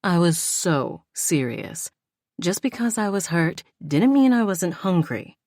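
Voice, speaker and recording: A woman narrates a first-person romance audiobook, intimate and heartfelt. Her voice sits low and moves slowly, recorded close and dry. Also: sing-song, a little mellow, no room sound.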